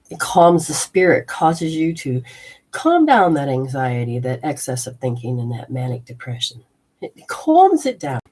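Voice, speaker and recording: Woman, healing-show host, husky voice, emphatic folksy teacher. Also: deep voice. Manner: emphatic, talks straight to the viewer with rhetorical questions; folksy, exclamatory asides. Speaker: host and energy healer. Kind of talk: instructional health show.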